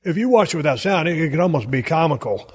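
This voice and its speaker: A man's voice: a little high, sing-song, fast, darkish tone, slightly rough. A man hosting a podcast, chatting enthusiastically before asking his guest a question. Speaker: podcast host. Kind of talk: casual interview chat.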